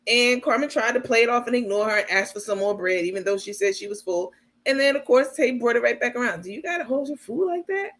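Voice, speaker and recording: A woman's voice: a little high, quick pace, a bit bright. Blunt, outspoken woman livestream host. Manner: outspoken and blunt, with casual profanity; addresses viewers as "baby" and "you guys". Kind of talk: casual livestream commentary.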